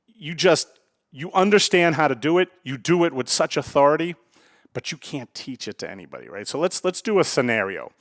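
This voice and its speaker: A man's voice: a little high, big pitch swings, brisk, dry recording, clean studio sound. Blunt, casual man hosting a podcast. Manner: blunt, tags lines with "right?", swears. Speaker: podcast host. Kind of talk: casual solo podcast monologue.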